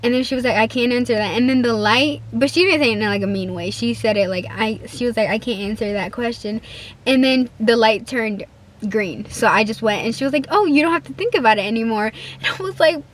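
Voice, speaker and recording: A teenage girl vlogger tells a casual, rambling storytime in a fairly high, expressive, brisk voice. She's chatty, leans heavily on "like," and acts out the lines she quotes. She grew up bilingual in a Spanish-speaking home.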